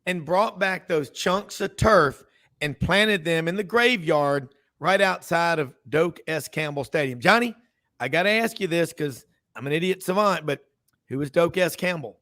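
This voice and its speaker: A man's voice: on the high side, normal speed, a bit bright. A man hosting a sports radio talk show, telling rambling stories full of asides and restarts.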